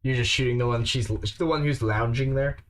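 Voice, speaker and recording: A man running a tabletop game as game master, relaxed and halting, with many fillers. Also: mid-range voice, a little hiss or hum.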